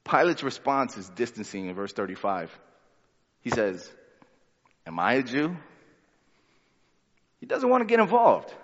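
In a church sanctuary, a man with a high, fairly bright voice gives a sermon as pastor, first reading the scripture and then putting it into everyday language. The recording sounds dull and carries a long hall reverb.

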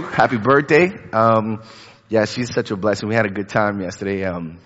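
A man's voice: fairly low pitch, normal speed, a bit bright. Male preacher, thirties, conversational sermon, chatty and repetitive, church sanctuary, lingering reverb. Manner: chatty, lots of fillers and repeated words. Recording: dull lo-fi with long hall reverb.

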